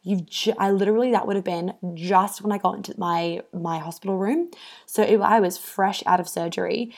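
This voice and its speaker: A woman's voice: mid-range voice, fairly even intonation, fairly quick, creaky, a little mellow. A young woman hosting a podcast, talking casually and candidly, swearing freely with lots of "um" and "like". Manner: chatty, swears freely, many fillers. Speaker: wellness podcast host.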